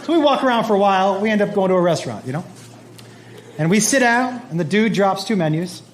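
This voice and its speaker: High-voiced man telling a stand-up story. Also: fast talker, some chatter behind, slight background noise. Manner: animated, acts out quotes with big pitch jumps. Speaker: stand-up comedian.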